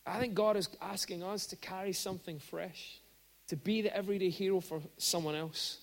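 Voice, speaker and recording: A man with a notably high voice gives a sermon at a church service. He talks like he is chatting, tells stories, and climbs into emphatic peaks. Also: fairly even intonation, normal speed. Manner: conversational storytelling, with bursts of rising emphasis. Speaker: guest preacher.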